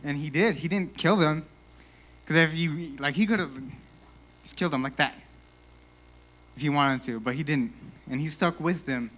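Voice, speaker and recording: Young guy preaching at youth service, kinda high voice, says like a lot, a little out of breath. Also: normal speed, long pauses. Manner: casual, animated, lots of 'like'. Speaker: youth speaker. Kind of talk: youth sermon. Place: church.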